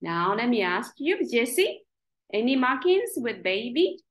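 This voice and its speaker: A woman's voice: fairly high pitch, big pitch swings, unhurried, low-quality recording. A woman tutoring a child in spelling, patiently sounding out letters and syllables one by one. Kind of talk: one-on-one phonics lesson.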